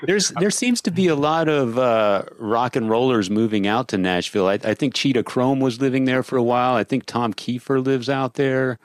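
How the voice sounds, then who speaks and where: A man's voice: medium pitch, normal speed, hardly any pauses, no room sound. A man hosting, musing casually in conversation. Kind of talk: casual chat.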